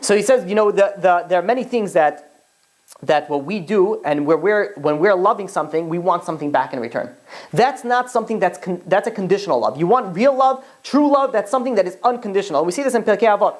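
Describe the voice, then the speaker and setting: A man, a rabbi, teaching a class in a chatty, animated way, telling stories and acting out the quotes. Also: high-pitched, fast. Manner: animated, chatty, many fillers and restarts, acts out quotes. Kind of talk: casual classroom lesson with storytelling.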